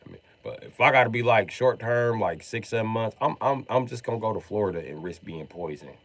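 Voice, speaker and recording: A man from Illinois delivering a profane, exasperated comedy rant on a livestream. His pitch swings widely from line to line, and the sound is dry and close to the mic. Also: lively intonation, fairly quick, no room sound. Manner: profane, exasperated ranting with mock quotes.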